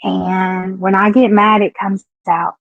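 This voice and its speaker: A woman's voice: medium pitch, flat delivery, takes it slowly, vocal fry, no echo. Southern woman livestream host, frank, chatty, muffled dry home audio. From Southeastern Kentucky. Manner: chatty, frank, greets viewers by name. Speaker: livestream talk show host. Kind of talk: casual live-stream chat.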